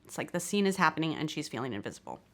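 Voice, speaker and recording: American woman, filmmaker lecture, candid, self-deprecating, lowish voice. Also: big pitch swings, very fast, a bit bright. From United States. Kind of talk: lecture, reading from her screenplay.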